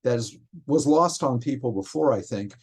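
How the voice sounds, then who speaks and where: A man, a software developer, explains technical details in conversation, often stopping and restarting his phrases. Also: medium pitch, animated, husky. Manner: halting, frequent restarts while explaining.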